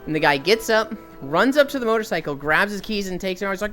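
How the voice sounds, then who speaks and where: A woman's voice: mid-range voice, expressive, fairly quick, fairly bright tone, soft background music. A woman streamer chatting with viewers, telling stories, swearing freely and acting out the people in them. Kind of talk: casual chat with viewers.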